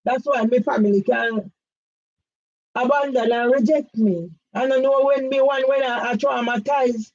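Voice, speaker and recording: A woman's voice: a little high, fairly even intonation, measured pace, a little mellow, muffled recording. A woman, giving an emphatic direct-address complaint, firing pointed questions at one man by name. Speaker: campaigner vlogger.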